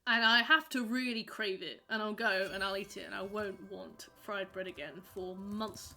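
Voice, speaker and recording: Bright-voiced woman streamer. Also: mid-range voice, steady tone, normal speed, faint music behind. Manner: chatty, rambling, reacting to chat messages. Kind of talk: casual live-stream chat while gaming.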